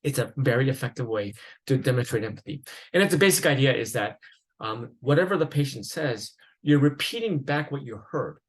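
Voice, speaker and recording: A man's voice: medium pitch, animated, brisk, breathy edge, poor audio. A man lecturing at a psychiatry conference in a conversational way, with fillers, restarts and the odd laugh.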